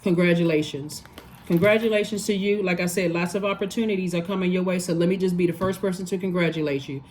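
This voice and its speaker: A woman's voice: lowish voice, fairly even intonation, quick pace, darkish tone, slight background noise. A woman giving a casual tarot reading, talking emphatically and repeating phrases for stress. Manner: conversational, loose and rambling. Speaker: tarot reader.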